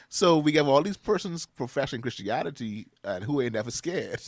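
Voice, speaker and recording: A man's voice: medium pitch, animated, fairly quick, few pauses, no echo. A man co-hosting a morning radio talk show, rambling about church with frequent laughs and restarts. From Bahamas. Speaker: radio co-host. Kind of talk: casual chat about faith. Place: radio studio.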